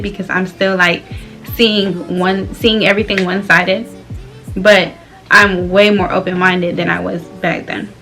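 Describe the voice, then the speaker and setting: A woman's voice: medium pitch, a bit bright. A young woman in her twenties from Florida, talking candidly and loosely with slang and frequent laughs while doing her hair for a vlog. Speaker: vlogger.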